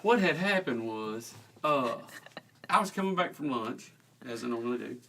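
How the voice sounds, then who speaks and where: A man's voice: medium pitch, animated, normal speed, vocal fry, bright, forceful tone, recorded from a distance, a little hiss or hum. A young man, a guest telling a story in a folksy, self-deprecating way. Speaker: teacher guest. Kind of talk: casual storytelling.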